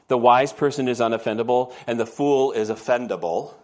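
A man's voice: mid-range voice, lively intonation, a little fast, few pauses. Conversational man preaching a sermon. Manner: storytelling, conversational, asks the congregation questions. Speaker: pastor. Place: church.

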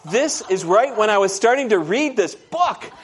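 A man's voice: high-pitched, animated, moderate pace, background noise. Conversational man preaching a sermon. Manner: storytelling, conversational, asks the congregation questions. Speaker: pastor. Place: church.

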